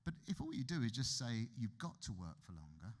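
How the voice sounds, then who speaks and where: A man's voice: medium pitch, sing-song, a little fast. A man with a British accent giving a conference keynote lecture in a wry, conversational way with emphatic asides. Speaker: keynote speaker. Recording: reverberant hall.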